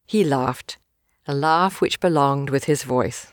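A woman narrating a novel in a measured storytelling manner, gently acting out the dialogue. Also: extremely low pitch, no room sound, clean studio sound. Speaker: audiobook narrator.

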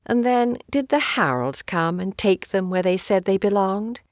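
A woman narrating a novel in an audiobook reading, slow, measured and expressive. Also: mid-range voice, no echo, clean studio sound.

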